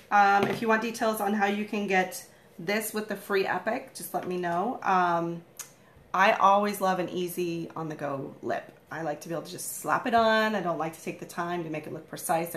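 A woman in her thirties doing a casual live makeup tutorial at home, chatty and rambling, with a morning voice and frequent throat-clearing. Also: mid-range voice, a bit bright, roomy sound, a little hiss or hum. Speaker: makeup vlogger, live stream host.

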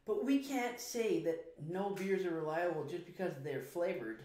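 Buzzed Canadian co-host, laid-back sweary banter, roomy echo. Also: male voice, high voice, lively intonation, moderate pace, a little mellow. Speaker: podcast co-host. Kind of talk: casual beer review chat.

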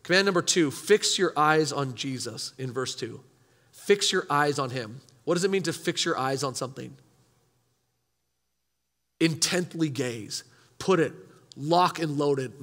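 A man's voice: on the high side, unhurried, sharp tone, long reverb tail. A man preaching a sermon as pastor, talking conversationally and emphatically, putting rhetorical questions to his congregation. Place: church hall.

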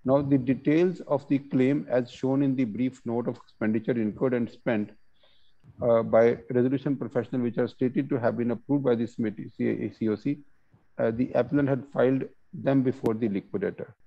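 A man presenting a webinar on court judgments, reading case text and explaining it with many pauses and fillers over a video call. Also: medium pitch, fairly even intonation, gravelly, highs cut off.

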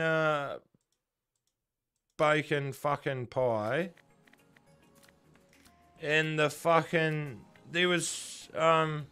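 Sweary New Zealand streamer, bright voice. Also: male voice, on the high side, smooth. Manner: swears a lot, banters with chat. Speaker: gambling streamer. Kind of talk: casual live-stream chat.

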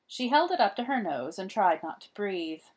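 A woman reading a children's picture book aloud as an expressive storyteller. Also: medium pitch, normal speed, breathy edge. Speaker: storybook reader.

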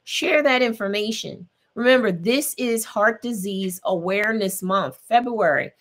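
An earnest woman talks directly to her listeners about their health. Her voice sits at an ordinary middle pitch, and she keeps circling back to urge them on with repeated phrases. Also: measured pace. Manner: earnest, repetitive, speaks straight to listeners. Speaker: podcast host. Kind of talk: encouraging health talk.

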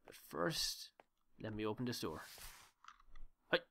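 A man's voice: on the low side, expressive, slow pace, creaky, bright, forceful tone, slight background noise. A man giving joking, rambling commentary while playing a horror game, talking to himself. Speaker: let's play gamer. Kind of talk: gameplay commentary.

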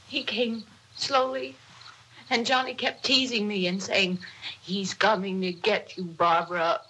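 A woman playing a dazed, frightened young woman who speaks in halting, broken phrases. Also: medium pitch, steady tone, sharp tone, a little hiss or hum, low-quality recording. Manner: halting, faltering speech. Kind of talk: dramatic reading.

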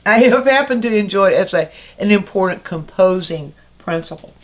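A woman's voice: medium pitch, lively intonation, normal speed. An older woman giving a casual art lesson as a teacher, talking in a thoughtful, conversational way with frequent fillers and restarts.

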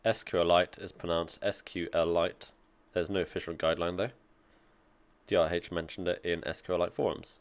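Low-voiced man doing casual tech commentary. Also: level tone, normal speed, smooth. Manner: reads aloud and comments offhandedly, dry jokes. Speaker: tech streamer reacting to an article.

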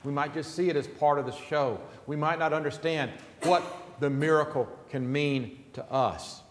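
A man's voice: fairly high pitch, normal speed, roomy sound, in a large hall. A man pastor preaching an earnest, emphatic sermon in a church sanctuary.

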